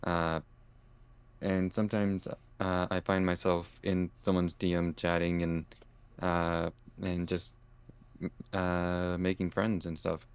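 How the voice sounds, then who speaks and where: Calm, deep-voiced male guest. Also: takes it slowly, clear, resonant tone. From Canada. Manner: calm, hesitant, many fillers. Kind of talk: casual interview chat.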